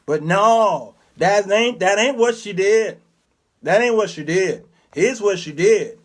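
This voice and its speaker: A man in his fifties with a high-pitched voice for a man, hosting his own talk show. He tells stories in an animated, preacherly manner, dropping into the voices of the people he describes. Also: slow. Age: 50s. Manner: preacherly, animated, acts out characters. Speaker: show host. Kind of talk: commentary monologue with storytelling.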